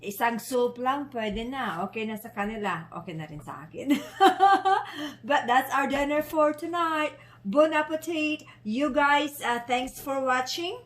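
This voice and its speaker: A woman's voice: high-pitched, animated, normal speed, hardly any pauses, fairly bright tone. Chatty Filipino woman vlogging over dinner. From Philippines. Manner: chatty, switching between English and Tagalog, many fillers; talks while eating. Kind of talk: casual vlog chat.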